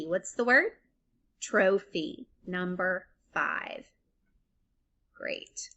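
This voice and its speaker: Bright, slow-talking woman teaching phonics. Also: mid-range voice, big pitch swings, highs cut off. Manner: slow, clearly segments sounds and syllables, encouraging. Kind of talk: recorded phonics lesson for young children.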